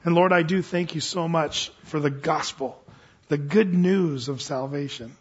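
A man preaching a sermon to his congregation, telling a story in an earnest, animated way. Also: fairly high pitch, a little slow, husky, highs cut off. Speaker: pastor.

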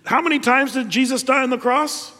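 High-voiced preacher in a reverberant hall. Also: male voice, brisk. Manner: animated storytelling, acting out biblical figures. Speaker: pastor. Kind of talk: sermon.

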